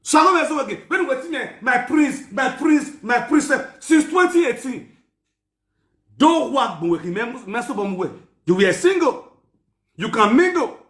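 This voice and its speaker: A man with a very high voice rants at length, scolding and mocking as he mixes Pidgin and Yoruba. He often breaks into shouting. His voice rings in an echoey room. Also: expressive, moderate pace, pauses often. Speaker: commentator. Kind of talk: ranting commentary.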